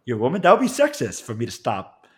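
A young man tells a story on a casual podcast, his pitch swinging widely as he gets worked up. He swears freely and breaks into laughter mid-sentence. His voice sits in an ordinary middle register. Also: fast. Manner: profane, animated, laughs while telling. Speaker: podcast co-host.

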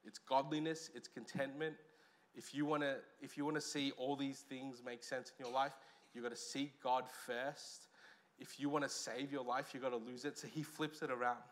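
A man with an Australian accent preaching a sermon as pastor, lively, with loud stresses and quiet asides. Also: medium pitch, moderate pace.

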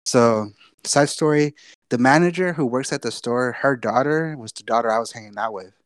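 A man's voice: mid-range voice, moderate pace, no room sound, clean studio sound. A young man from Texas telling a long personal story on a podcast, casual and profane, often repeating himself. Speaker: podcast co-host.

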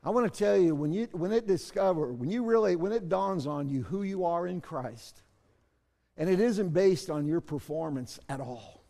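High-voiced preaching man in a reverberant hall. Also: expressive, moderate pace, gravelly. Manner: preaching, swings from soft asides to shouts. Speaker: pastor. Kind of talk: sermon.

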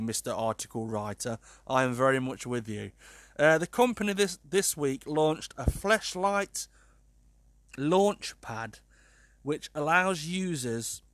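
A man hosting a casual podcast monologue, animated and sweary, laughing at his own jokes. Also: on the high side, no room sound. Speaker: podcast host.

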